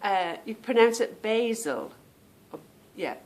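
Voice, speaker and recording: A woman's voice: mid-range voice, animated, unhurried. A woman from England with a British accent, hosting a podcast in a chatty, meandering way that often trails off. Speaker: podcast host. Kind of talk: casual chat.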